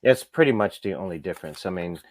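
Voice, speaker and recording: A man's voice: low-pitched, lively intonation, quick pace, no room sound. A man who owns a skateshop, telling stories as a guest in a sit-down interview, in a loose, rambling way full of "like" and "you know.". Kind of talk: casual storytelling in a sit-down interview.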